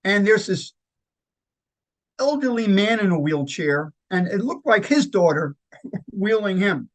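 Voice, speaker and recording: Man telling lively anecdotes with fillers. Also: high-pitched. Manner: halting, with frequent fillers and restarts; lively anecdotal storyteller who acts out quoted lines. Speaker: nonprofit founder. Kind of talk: conversational interview storytelling.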